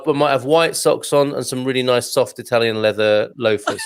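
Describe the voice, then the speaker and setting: A man's voice: medium pitch, brisk, smooth. A man in his forties hosts a wine club chat, joking and wandering into rambling asides. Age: 40s. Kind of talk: casual online group chat.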